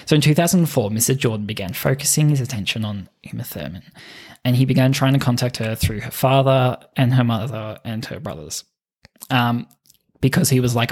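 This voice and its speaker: Laughing frequently and cursing often, a male podcast co-host swaps stories in relaxed conversation. His mid-range voice is brisk and a little mellow.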